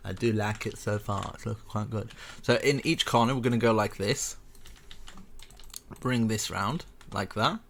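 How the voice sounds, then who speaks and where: A young man with a low, gravelly voice talks viewers through a building tutorial in a loose, chatty way. He rambles between steps and pokes fun at himself as he goes. Soft keyboard clicks tick away behind him. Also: normal speed, slight background noise. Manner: chatty and rambling, self-mocking asides. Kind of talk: casual step-by-step game tutorial.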